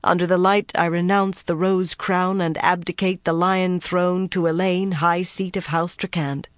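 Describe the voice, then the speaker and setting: A narrator voicing a proud queen stripped of her throne, speaking each phrase slowly and solemnly. The voice sits close and dry, with no room around it, as in an audiobook. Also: medium pitch, level tone, no echo, lightly acted. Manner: solemn, measured. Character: proud deposed queen, middle-aged woman.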